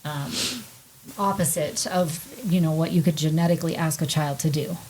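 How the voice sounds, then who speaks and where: A woman's voice: low-pitched, steady tone, normal speed, a little mellow, slight background noise, poor audio. A woman co-hosting a podcast, frankly talking through ideas at length in a casual chat. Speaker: podcast co-host.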